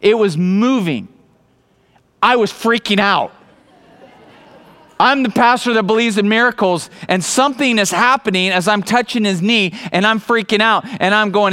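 A middle-aged male pastor preaching a sermon, telling a personal story in an earnest way that builds into loud, excited preaching. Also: high-pitched, a little slow, clean tone, some chatter behind.

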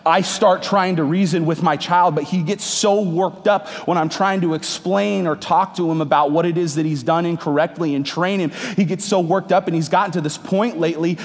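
A man's voice: on the high side, steady tone, moderate pace, few pauses. A man in his thirties preaching a sermon to a congregation, conversational and joking with the room. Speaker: pastor. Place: church hall with congregation. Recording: reverberant hall.

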